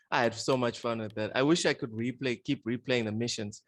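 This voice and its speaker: A man co-hosting a casual gaming podcast, talking in a playful, animated way with frequent laughter. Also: medium pitch, brisk. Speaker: podcast co-host.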